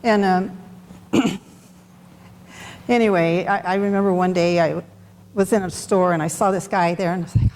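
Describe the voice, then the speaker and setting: A woman's voice: on the low side, normal speed, long pauses, a little mellow. Candid middle-aged woman sharing testimony. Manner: candid, conversational, unscripted. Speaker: Bible study speaker. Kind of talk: personal testimony. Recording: long hall reverb, faint background noise.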